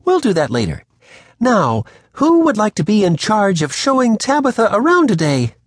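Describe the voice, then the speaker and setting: A man's voice: high voice, wildly swooping pitch, normal speed, no room sound, pitched above the performer's own voice, full character voice. A man voicing a kind but firm middle-aged female schoolteacher in a children's audiobook. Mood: instructive. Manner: warm but firm teacher talk.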